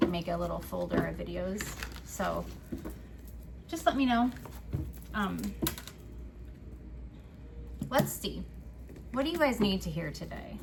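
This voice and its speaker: A woman's voice: lowish voice, gravelly, heavy background noise. A woman giving a casual tarot reading to her viewers, swearing freely and filling her talk with "like" and "right?". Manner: loose and profane, with frequent "like" and "right?". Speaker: tarot card reader.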